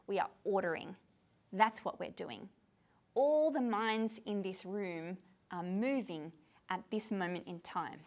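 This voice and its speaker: A tired woman leading a poetry discussion, asking her audience lots of questions in an informal lecture to a room of people. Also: medium pitch. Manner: animated, asks the audience many questions.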